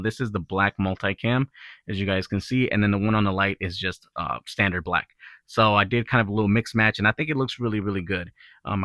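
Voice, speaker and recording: A man's voice: on the low side, no room sound. A man hosting his own channel, talking casually through a gear review with lots of fillers and restarts. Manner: relaxed, rambling, filler-heavy. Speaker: gun channel host. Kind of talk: casual product review talk.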